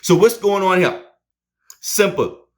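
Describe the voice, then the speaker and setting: A man preaching a sermon in a plain street voice, swinging between loud emphatic points and low hushed asides. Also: expressive, takes it slowly.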